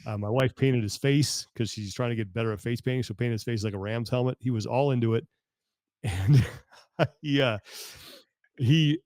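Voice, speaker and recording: A man hosting a podcast, telling stories in a lively, casual way and laughing often. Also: mid-range voice, no room sound. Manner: animated storyteller, quick to laugh. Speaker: podcast host. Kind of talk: casual chat.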